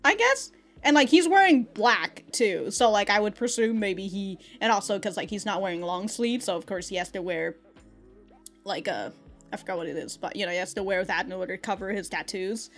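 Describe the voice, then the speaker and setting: A woman's voice: medium pitch, animated, fairly quick, faint music behind. A woman hosting an anime reaction, chatting casually, laughing often and swearing as she acts out the characters' lines. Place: in Japan.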